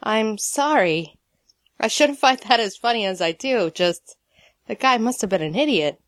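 A woman's voice: a little high, lively intonation, a little slow, a bit bright, no room sound, studio quality, pitched above the performer's own voice. A woman reading a story aloud, voicing a nervous, eager young man on a date who stammers and trips over his words. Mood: flustered. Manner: stammering, bashful and earnest.

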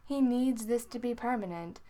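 A woman reading a story aloud in an unhurried, informal way. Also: a little high, dark tone. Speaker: narrator.

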